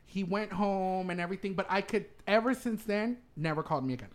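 A man hosting a podcast, telling a personal story in a campy, animated way and laughing often as he talks. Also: high voice, fairly quick. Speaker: podcast host. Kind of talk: casual storytelling chat.

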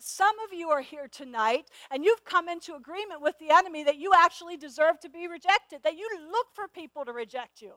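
A middle-aged woman gives a sermon with a very high voice. She speaks earnestly, stumbling over repeated words and slowing down on the phrases she wants to land. The recording is close and dry, with no room sound. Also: animated, pushed and bright, no room sound. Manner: earnest, repeats words when starting, slows to stress key phrases. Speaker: Bible teacher.

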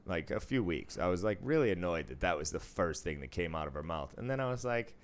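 A man with a fairly low voice tells a story in casual chat. He talks bluntly and swears freely. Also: animated, a little fast, hardly any pauses.

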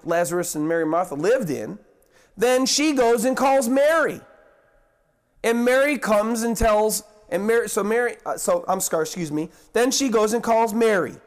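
Male preacher, high-pitched, emphatic, repetitive list-style delivery. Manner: emphatic, repeats words in long lists; restarts and corrects himself. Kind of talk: sermon.

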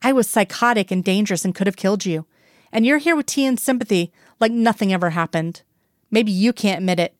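A woman's voice: medium pitch, brisk, no room sound, lightly acted. A woman gives voice to a male FBI agent at the end of his rope, tense and clipped, snapping out short angry bursts. The sound is dry and close, with no room around it. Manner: tense, clipped, sharp outbursts.

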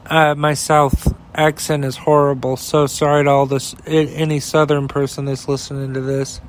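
A man's voice: on the high side, flat delivery, normal speed, slight background noise. A man, hosting a heated, profane opinion rant that rambles. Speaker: podcast host.

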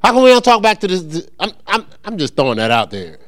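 A pastor preaches quickly in a high, fairly bright voice with huge pitch swings. He works the congregation through call-and-response, getting them to answer, while joking and voicing other characters.

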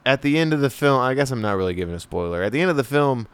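A sarcastic male podcast co-host trading jokes and swearing in casual banter. His voice is smooth and clear, recorded dry and close. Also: medium pitch, lively intonation, very fast, no room sound. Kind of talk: casual chat.

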